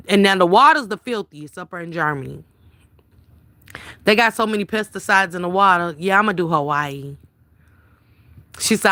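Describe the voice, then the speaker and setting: A woman's voice: on the low side, bright, forceful tone, no echo. A woman hosting a casual livestream, reading viewers' comments aloud and chatting back to them by name.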